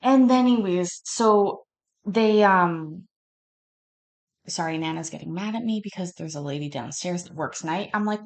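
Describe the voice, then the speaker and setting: A woman's voice: on the low side, a little slow. A woman, stoned, telling rambling, profane stories as she reacts to a court show. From Canada. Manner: chatty, profane, easily sidetracked. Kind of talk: casual rambling storytelling.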